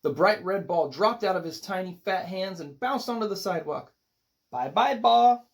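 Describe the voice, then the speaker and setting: A reader narrates a children's picture book aloud. The delivery rises and falls a great deal, keeping the story lively and expressive. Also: medium pitch, a little fast.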